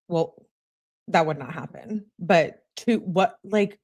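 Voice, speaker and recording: A woman's voice: lowish voice, takes it slowly, darkish tone, slightly rough. A woman hosting a true crime channel, reading text messages aloud in a casual, blunt, chatty way and talking to her live chat.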